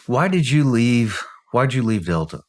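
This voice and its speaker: A man's voice: mid-range voice, sing-song, unhurried, a little hiss or hum. A man hosting an interview, asking short, direct questions in a casual way. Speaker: podcast interviewer.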